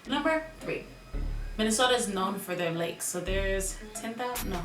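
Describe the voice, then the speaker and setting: A woman's voice: medium pitch, lively intonation, normal speed. Young female vlogger from Miami, jokey, repeats words for emphasis; slightly distant mic with a roomy echo. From Miami, United States. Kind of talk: casual vlog talk to camera. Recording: roomy echo, a bit off mic, music behind.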